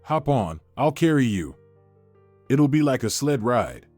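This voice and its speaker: A man's voice: mid-range voice, sing-song, unhurried, a little mellow, soft background music. A man voicing a cheerful, capable teenage son who takes charge of the family in a storybook reading. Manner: cheerful, bossy.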